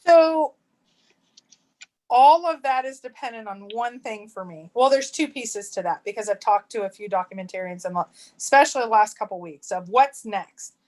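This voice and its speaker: A woman co-hosting a casual livestream chat, rambling with restarts and quick to laugh. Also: fairly high pitch, darkish tone. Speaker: treasure hunt channel co-host.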